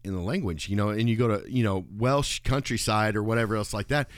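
A man's voice: on the low side, fairly quick, no echo, clean studio sound. A man co-hosting a podcast in casual chat, rambling and restarting his sentences. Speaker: podcast co-host.

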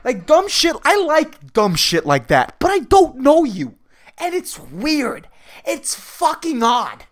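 Man, solo comedy podcast host, profane rant, lively swinging pitch, laughs at his own jokes. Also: slow pace.

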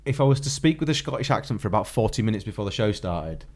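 A man's voice: lowish voice, fast talker. A man co-hosting a podcast, chatting casually and plugging the show's extras. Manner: relaxed, chatty, nervous about doing accents. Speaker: podcast co-host. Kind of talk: casual chat.

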